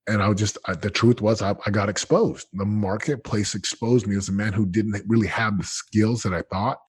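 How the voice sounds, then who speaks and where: A man in his thirties telling his story as a podcast guest, earnest and animated, often acting out what he said. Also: on the low side, slightly rough, no echo. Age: 30s. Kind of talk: candid storytelling.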